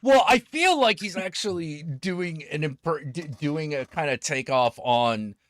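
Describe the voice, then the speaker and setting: Animated guy chatting and cracking up, swears a lot, dry close mic. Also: on the high side, unhurried, no echo. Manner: animated, swearing, laughs often, slips into impressions. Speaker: podcast co-host. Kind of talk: casual comedic chat.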